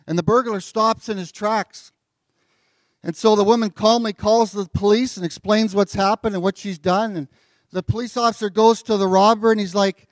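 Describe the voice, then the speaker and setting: A pastor giving a sermon in a relaxed, conversational way, with filler words and joking asides, as he reads and explains scripture. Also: high-pitched, normal speed, no echo, studio quality.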